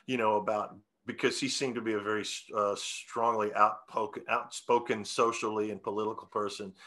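A male songwriter talking in a relaxed, rambling interview, often restarting his sentences and chuckling as he explains how he came to write a song. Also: mid-range voice. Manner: rambling, self-correcting, chuckling. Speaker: songwriter guest. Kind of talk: casual interview talk.

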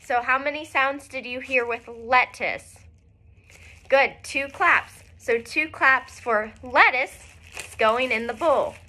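A woman teacher leading a recorded phonics lesson for young children, speaking clearly and encouragingly with frequent praise. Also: high voice, a little slow, few pauses, bright, forceful tone, a little hiss or hum.

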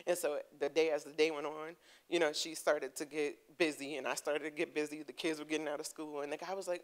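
A woman giving a heartfelt personal testimony to her church, earnest and quick to laugh. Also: sits low, rough recording. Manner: earnest, laughing, breaks into excited storytelling. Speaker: congregation member giving testimony. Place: church sanctuary.

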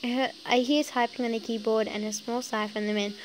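A woman's voice: a little high, fairly even intonation, a little fast, a little hiss or hum, poor audio. A woman casually reading fan fiction aloud, chatty and giggly, breaking off for side comments.

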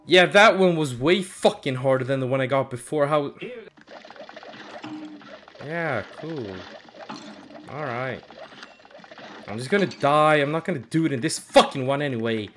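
Young man swearing through slow gameplay commentary. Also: medium pitch, a little hiss or hum. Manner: profane, swinging from frustrated yelling to muttering. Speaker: gaming channel host.

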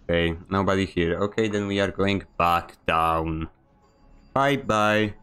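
A man's voice: sits low, level tone, moderate pace, fairly bright tone, smooth, faint music behind. A man streaming a video game, giving a sarcastic, grumbling running commentary. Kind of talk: live gameplay commentary.

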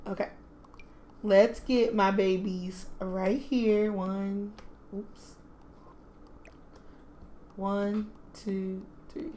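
A woman's voice: medium pitch, level tone, very slow, pauses often, mellow. A woman giving casual gameplay commentary, doting and gushing over her toddlers. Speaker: game streamer.

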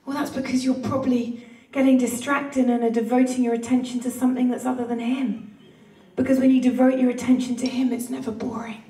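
A woman's voice: high-pitched, little pitch movement, brisk. Passionate woman preaching in a roomy church. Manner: passionate, playful, with laughs and sudden hushed asides. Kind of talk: sermon. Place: church hall. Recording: roomy church hall, distant mic.

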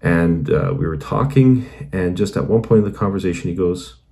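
A man's voice: low-pitched, moderate pace, creaky, warm tone. A man hosting his own channel, earnestly telling a meandering personal conversion story, heavy on "you know". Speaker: channel host.

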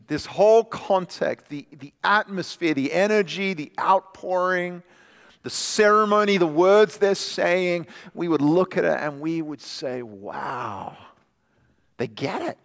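A male pastor preaching a sermon in a conversational way, stumbling and restarting, then dropping soft and quiet for scripture. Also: high-pitched. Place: church sanctuary. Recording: long church hall reverb.

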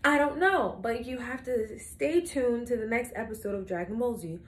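A woman's voice: a little high, moderate pace. A young woman talking in a casual confessional vlog, blunt and swearing, acting out her own lines as she tells stories. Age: young adult. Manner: animated storytelling, acting out her own quotes. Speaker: vlogger. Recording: echoey room with faint ambient noise.

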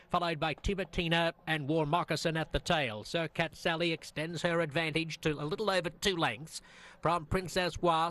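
A man calling a horse race live, with a rapid, rhythmic calling cadence. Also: fairly high pitch, fairly bright tone. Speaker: race caller.

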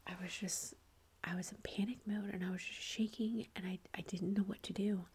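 ASMR creator, female, whispers throughout in a very breathy tone, casual and rambling. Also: medium pitch, fairly even intonation, a little fast, darkish tone. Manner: rambling storytelling with many fillers.

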